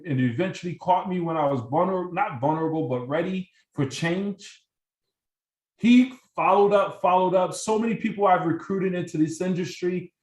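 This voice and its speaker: High-voiced man coaching a sales team. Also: echoey room, distant mic, poor audio. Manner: energetic coaching with acted-out sample calls. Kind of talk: motivational training talk.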